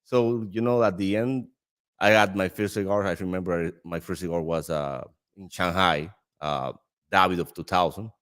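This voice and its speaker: A native Spanish speaker from the Dominican Republic, who works in the cigar business, chats in a cigar lounge with a Dominican accent. His voice sits low and his speed is normal as he relates a story with lively energy, frequent laughter, and restarted sentences.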